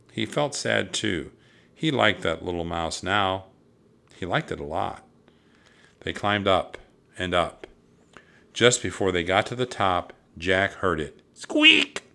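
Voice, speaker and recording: Deep, slow-paced man reading a storybook. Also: vocal fry. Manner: steady, even storytelling. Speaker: narrator. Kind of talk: storybook read-aloud.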